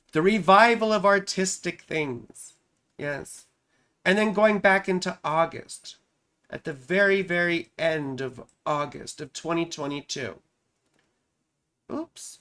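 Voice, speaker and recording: A woman's voice: lowish voice, slow pace, a bit bright. A woman astrologer hosting a casual live stream. She talks in a chatty, self-amused way, often repeating her phrases and tossing in "right?".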